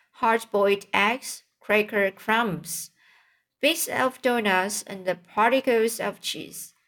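A woman's voice: mid-range voice, a bit bright. A woman voicing a knowing old sheep, persuasively listing treats in a storybook reading.

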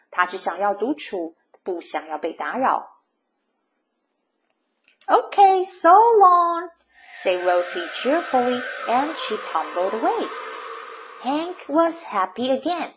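A woman reads a children's picture book aloud, taking her time over every line. Her voice sits fairly high and swings widely, full of storytelling expression. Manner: slow, expressive, bilingual retelling.

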